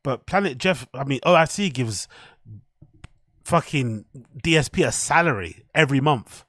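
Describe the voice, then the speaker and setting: A man's voice: mid-range voice, expressive, moderate pace, a bit bright, no room sound, clean studio sound. A man, commenting to his chat on a live stream in a rambling, profane way.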